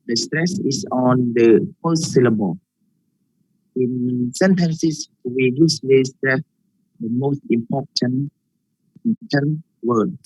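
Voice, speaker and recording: A man giving a student presentation on stress, reading slowly and carefully. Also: medium pitch, a little mellow, no room sound, poor audio. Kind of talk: class presentation.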